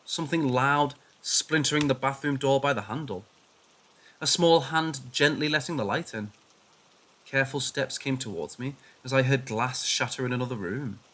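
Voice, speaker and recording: A man reading a first-person horror story aloud in a hushed, tense manner. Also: mid-range voice, normal speed, slight background noise. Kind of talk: scripted horror story narration.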